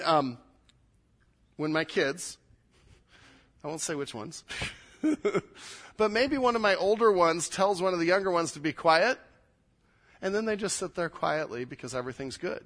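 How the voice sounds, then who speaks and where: A male pastor preaching a sermon, telling the story in an animated way and swinging between loud and soft. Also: high-pitched, normal speed.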